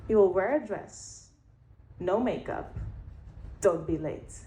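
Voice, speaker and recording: A woman quoting a calm, commanding man in firm, measured words. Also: medium pitch. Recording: roomy echo.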